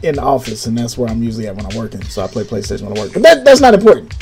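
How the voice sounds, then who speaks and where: A man co-hosting a casual, profane podcast chat, animated and jumping up into acted quotes. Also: mid-range voice, racing, vocal fry, music in the background. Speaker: podcast co-host.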